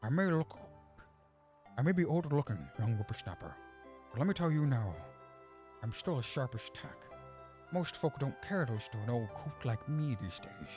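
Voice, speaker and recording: A man's voice: medium pitch, a little mellow, voice pushed down, lightly acted. A man voicing a folksy old village man who rambles through a story, reading game dialogue aloud with a drawl.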